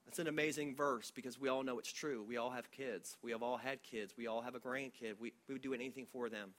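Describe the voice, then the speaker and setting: A man in his forties preaching a sermon to his church in a conversational, storytelling way, with frequent halting restarts. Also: medium pitch, fairly even intonation, fairly bright tone. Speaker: pastor.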